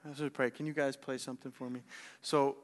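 A young man giving an energetic sermon, firing rhetorical questions and repeating words as he presses a point. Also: mid-range voice, a little fast. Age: young adult. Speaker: speaker at young adults service. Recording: long hall reverb.

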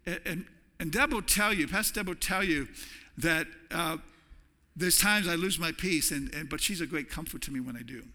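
In a church sanctuary, a pastor delivers a sermon in a very bright, forceful, slightly high voice at normal speed. His style is conversational, and he often repeats words when restarting a thought, while the large hall's long reverb trails after each phrase.

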